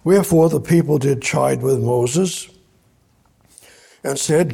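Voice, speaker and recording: A man's voice: mid-range voice, unhurried, creaky, pauses often, warm tone, slightly rough. A man preaching a sermon, reading scripture aloud in a conversational, repetitive way. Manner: conversational, repeats words, reads scripture aloud. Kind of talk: sermon, Bible study.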